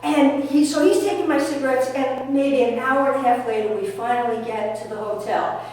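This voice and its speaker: A woman with a high voice tells a lively, self-mocking story to a live audience. She sounds a little far from the microphone, and the room has a long, echoing reverb. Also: normal speed. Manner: animated, chatty, self-mocking. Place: small venue with an audience. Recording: echoey hall from far off. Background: audience laughter.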